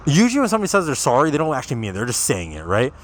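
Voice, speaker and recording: A man's voice: mid-range voice, huge pitch swings, rapid-fire. A young man with a Toronto accent, ranting casually and bluntly to the camera, swearing freely and rambling from point to point. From Canada. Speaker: vlogger.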